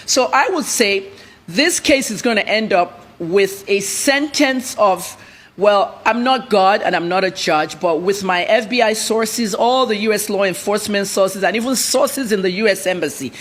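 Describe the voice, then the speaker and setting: A woman journalist speaks as a guest on a news broadcast. She is blunt and emphatic and piles up points rapidly. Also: mid-range voice, lively intonation. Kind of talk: TV news interview answers.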